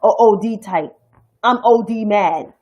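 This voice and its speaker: This is ranting political commentary from a young adult woman out of New York City, her New York accent clear as she gets blunt, profane and heated on her own stream. She speaks unhurriedly in a medium pitch, a little mellow with a breathy edge, over dull audio.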